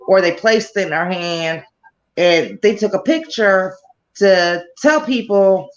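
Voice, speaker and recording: A woman speaks over a call at a mid pitch, and her voice comes through dull and lo-fi. She tells her story as a grieving mother, rambling and circling back to details. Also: takes it slowly. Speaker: grieving mother interviewed about her daughter's death. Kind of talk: remote interview over a call.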